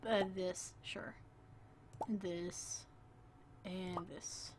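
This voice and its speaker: A woman's voice: lowish voice, steady tone, very slow, background noise. A woman streaming a farming game, chatting casually and playfully with her viewers in rambling, jokey asides. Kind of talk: casual gameplay live stream chat.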